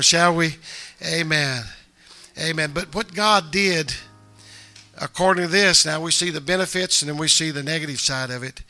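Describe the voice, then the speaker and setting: High, bright-voiced preaching man. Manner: conversational preaching with joking asides, building to exhortation. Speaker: pastor. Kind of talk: sermon. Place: church sanctuary.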